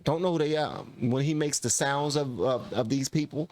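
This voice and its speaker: A man's voice: mid-range voice, moderate pace. Chill guy reacting to a clip, chatty, talking to the camera. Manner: relaxed, chatty, talks straight to viewers. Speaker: reaction channel host. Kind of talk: casual reaction commentary.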